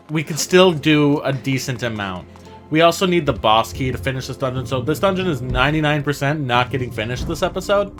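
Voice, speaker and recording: A man talks his way through a game run in a loose, rambling voice of middling pitch, thinking aloud as he goes. Quiet music plays under him. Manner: chatty, thinking aloud, laughing at himself. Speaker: gaming channel host. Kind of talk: let's play commentary.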